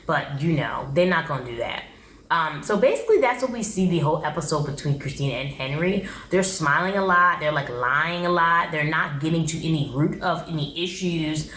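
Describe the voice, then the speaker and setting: A woman's voice: deep voice, animated, moderate pace, a bit bright, echoey room, a little hiss or hum. A young woman giving a blunt, opinionated casual recap of a TV show. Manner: blunt, opinionated, exasperated commentary. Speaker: TV show reviewer.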